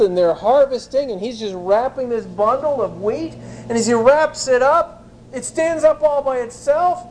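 A man's voice: extremely high pitch, slight background noise, poor audio. Wry, conversational male preacher. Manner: lively, conversational, wry asides. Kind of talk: expository sermon.

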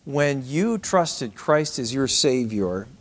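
A middle-aged man preaching a sermon, swinging between raised cries and hushed, almost whispered passages. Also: mid-range voice, big pitch swings, slow pace. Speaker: pastor.

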